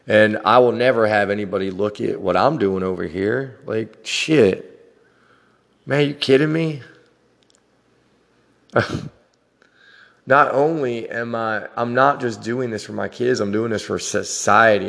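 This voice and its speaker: A man's voice: fairly low pitch, creaky, fairly bright tone, long reverb tail. A man hosting a podcast, talking in a frank, profane, rambling personal monologue. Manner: frank and profane, with frequent laughs. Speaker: podcast host.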